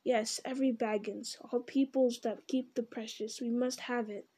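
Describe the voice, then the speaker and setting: A pitiful, greedy male creature bickers with himself in a whining, wheedling murmur, put on by a woman reading a storybook. The voice sits a little high yet dark and mellow in tone. It stays narrow in its rise and fall. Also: fairly even intonation, normal speed, slightly rough. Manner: whining, wheedling, hissing repetitions. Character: wretched creature, male, split into two bickering selves.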